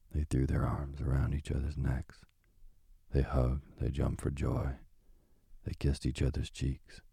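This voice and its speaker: A man reading a fairy tale aloud in a hushed, dramatic storytelling manner. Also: rumbling low, gravelly, breathy edge, no echo, clean studio sound.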